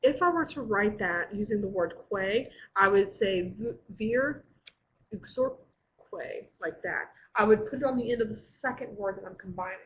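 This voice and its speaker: A woman teaches a Latin class over a computer microphone, talking in a patient, explanatory way with many small pauses and fillers. Her voice sits in a middle register, and a faint hiss hangs behind it. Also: medium pitch, expressive, poor audio. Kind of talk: online class lecture.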